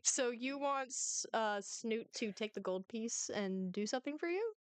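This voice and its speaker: Young woman running a tabletop game, bit high voice, dry close mic, laughs a lot. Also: unhurried, clear, resonant tone, dry recording. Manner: lively, laughs between lines. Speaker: game master.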